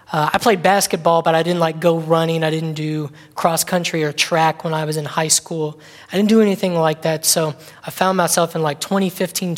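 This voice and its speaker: Chatty preacher man in a reverberant hall. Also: a little high. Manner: rambling and chatty, acts out little scenes. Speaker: pastor. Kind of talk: conversational sermon. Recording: long reverb of a large hall.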